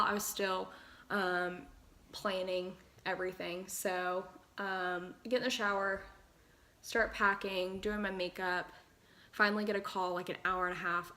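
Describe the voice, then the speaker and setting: Chatty young woman retelling a story. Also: lowish voice. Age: young adult. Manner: excited, rapid retelling with quoted dialogue. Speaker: pageant contestant vlogger. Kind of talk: casual storytelling while doing makeup.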